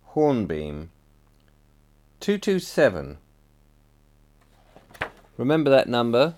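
A man's voice: mid-range voice, huge pitch swings, takes it slowly, a little mellow. A middle-aged man from England talking in a casual, reflective vlog monologue, wistful and rambling, often trailing off mid-sentence. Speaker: vlogger.

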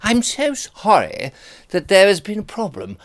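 A man imitating a posh, old-fashioned English gentleman with an upper-class English accent, fussy and indignant, speaking in high, exclamatory bursts a little off the microphone. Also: sing-song, unhurried. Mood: outraged. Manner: plummy, exclamatory, theatrical.

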